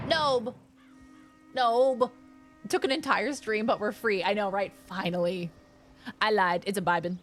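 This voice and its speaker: A young woman streaming a game, chatting casually and gushing excitedly with her viewers. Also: medium pitch. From Australia. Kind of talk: casual live-stream chat.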